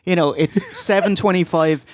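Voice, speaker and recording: An Irish man with a notably high voice jokes through a comedy review, wry and quick to laugh. The sound is close and dry on a studio mic. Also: no room sound. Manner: wry, joking, laughs often. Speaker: podcast co-host.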